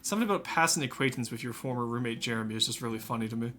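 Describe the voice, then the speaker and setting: A man's voice: mid-range voice, racing, pushed and bright, soft background music. A man streaming a game live, chatting and joking with his viewers while he plays. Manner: chatty, joking, talks to chat. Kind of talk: casual live game commentary.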